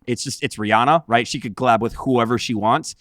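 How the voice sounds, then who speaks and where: In a dry recording with clean studio sound, a man co-hosts a podcast and casually teases his co-host. His mid-range voice is fairly quick and fairly bright, and the banter is playful.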